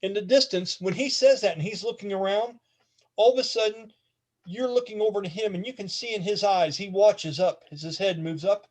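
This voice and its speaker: A man with a fairly high voice runs a tabletop game, narrating scenes in a loose, rambling way. He talks casually and lets an occasional swear slip in. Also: brisk, darkish tone. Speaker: game master.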